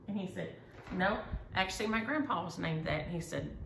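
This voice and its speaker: Her voice is lowish and gravelly with a bit of brightness, and she talks fairly quickly with hardly any pauses. This middle-aged needlework vlogger chats casually and with enthusiasm while displaying her pieces, in an echoey room with faint background noise.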